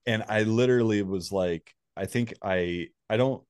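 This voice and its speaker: A man's voice: on the low side, moderate pace, a little mellow, clean tone, dry recording, studio quality. A man casually telling a personal story, rambling and swearing freely.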